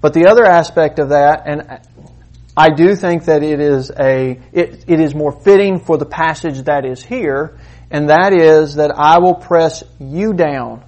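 A man preaching a sermon, moving between quiet asides and loud, emphatic points. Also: a little high, unhurried. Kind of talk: sermon with demonstration.

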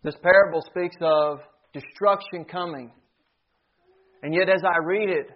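A man's voice: fairly high pitch, breathy edge. A man, teaching a Bible class in a sermon style. He repeats key phrases and puts questions to his listeners. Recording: dull lo-fi recording.

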